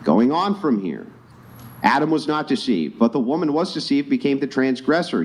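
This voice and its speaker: Insistent lecturing man, lively pitch. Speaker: debater reading scripture. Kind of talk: confrontational debate.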